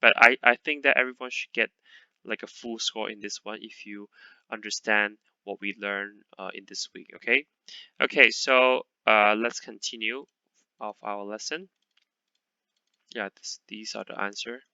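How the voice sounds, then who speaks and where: Guy teacher, super slow and patient, kinda lo-fi dry sound. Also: lowish voice, steady tone, gravelly, pushed and bright, clear, resonant tone, dry recording. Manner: patient, repeats words slowly with many okays. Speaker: Chinese teacher. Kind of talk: online class lesson.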